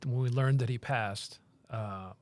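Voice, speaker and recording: A man's voice: medium pitch, measured pace. A man co-hosting a sports talk show who tells stories plainly and gives blunt opinions. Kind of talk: casual sports chat.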